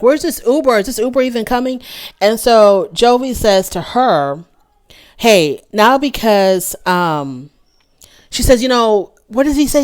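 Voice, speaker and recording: A woman hosting a casual TV recap, gossipy and animated, talking straight to her viewers. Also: medium pitch. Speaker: reality TV recap host. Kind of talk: casual chat review.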